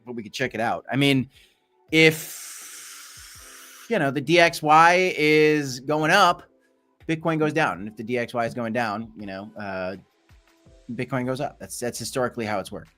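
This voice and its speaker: A man's voice: medium pitch, a little slow, a bit bright, faint music behind. A man hosting a casual crypto livestream, who rambles through market talk with many fillers and restarts. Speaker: crypto channel host.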